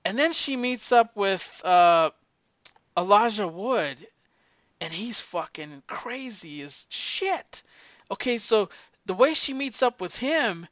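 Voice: medium pitch, expressive, slow pace, fairly bright tone, no echo. Rambling, profane casual storyteller. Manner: rambling and profane, heavy use of "like". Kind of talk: casual chat, retelling a movie plot. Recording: dull lo-fi recording.

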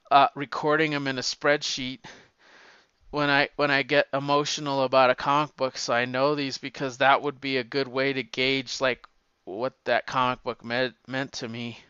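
A man's voice: medium pitch, level tone, normal speed, bright, forceful tone, clean tone, no room sound, dull audio. A man talking casually and at length about comic books, rambling with stammered restarts and swearing freely. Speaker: comic book fan talking to a friend. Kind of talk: casual chat.

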